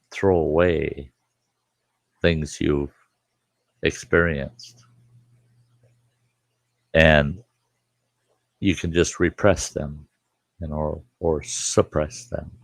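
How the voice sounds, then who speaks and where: A man's voice: very deep voice, vocal fry, no room sound. A man in his sixties hosting a live stream, talking in a rambling, emphatic, indignant way from his home studio. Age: 60s. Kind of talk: casual monologue.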